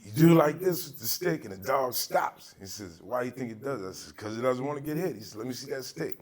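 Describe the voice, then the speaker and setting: A podcast host from Altadena in Southern California tells stories casually and profanely, acting out the people in them. His medium-pitched voice is expressive and fairly quick, with crowd noise in the background.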